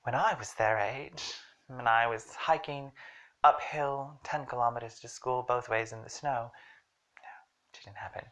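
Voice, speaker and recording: Very low-voiced woman teaching English. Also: a little slow. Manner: chatty, jokey, emphatic explaining. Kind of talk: casual online language lesson.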